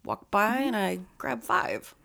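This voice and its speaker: A woman chatting casually, animated and swearing freely as she acts out funny stories. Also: medium pitch, slow pace, vocal fry. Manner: animated storyteller, swears often, acts out quotes. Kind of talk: casual chat.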